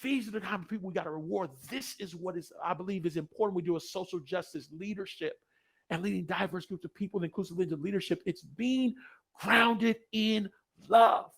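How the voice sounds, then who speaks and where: A man giving an energetic motivational speech to a live audience, swinging from hushed storytelling to loud, fired-up exclamations. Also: sits high, fairly quick, gravelly. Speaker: keynote speaker. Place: large room, live audience.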